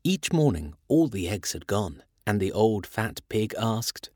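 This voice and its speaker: A man reading children's stories aloud in a playful, animated way. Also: on the low side, measured pace, no room sound, clean studio sound. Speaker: reader.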